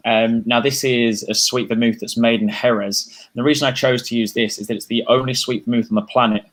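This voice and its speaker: A man's voice: mid-range voice, flat delivery, a little fast, a bit bright. Easygoing cocktail man, full of "like"s. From United Kingdom. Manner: easygoing, enthusiastic, filler-heavy with "like". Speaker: bartender and co-host. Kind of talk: casual live tasting chat.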